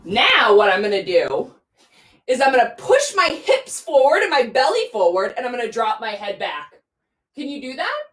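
A woman's voice: a little high, wildly swooping pitch, moderate pace, a bit bright. A woman guiding a children's yoga class, playful and sing-song, talking straight to the kids. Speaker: kids' yoga teacher. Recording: roomy echo, mic far off.

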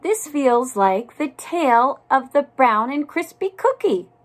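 A woman's voice: high-pitched, sing-song, slow, pitched above the performer's own voice, exaggerated voice. A woman voicing Jeremy Mouse telling a tale. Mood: storytelling. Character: storytelling male mouse, gentle.

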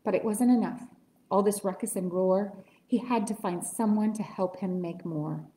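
A woman reading a picture book aloud at story time in a library, playful and animated. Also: medium pitch, moderate pace. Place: library room. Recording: echoey library room.

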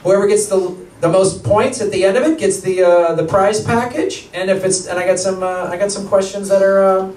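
A man's voice: high voice, brisk, hardly any pauses, a little mellow. A man hosting a live comedy game show on a theater stage, using a brash announcer voice and cracking jokes between questions. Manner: brash announcer voice with joking asides. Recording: echoey theater, mic from far off.

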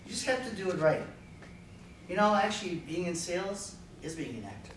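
Animated man in an echoey room. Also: high voice, a little fast. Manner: lively, jokey, slips into silly voices. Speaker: sales speaker. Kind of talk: talk to a live audience. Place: room with an audience. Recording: echoey room from a distance, faint noise.

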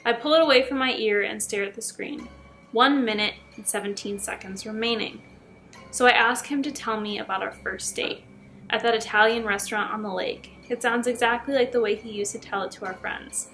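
Bright-voiced woman reading scary stories. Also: a little high, fairly even intonation, brisk, soft background music. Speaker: YouTube storyteller.

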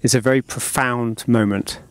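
A man, an artist, speaking slowly and heartfelt to schoolchildren from an outdoor animal enclosure. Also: medium pitch, steady tone. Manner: slow, hushed and heartfelt. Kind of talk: earnest outdoor video address.

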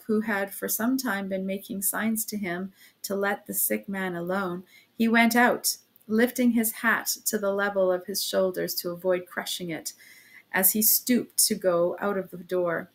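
A woman narrating a classic novel aloud in a steady, even reading voice. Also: medium pitch, a little slow. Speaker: audiobook narrator.

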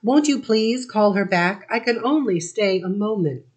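A woman's voice: mid-range voice, lively intonation, a little slow, a little mellow, pitched above the performer's own voice. A woman reading the part of a shy, polite young woman who asks things timidly. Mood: pleading.

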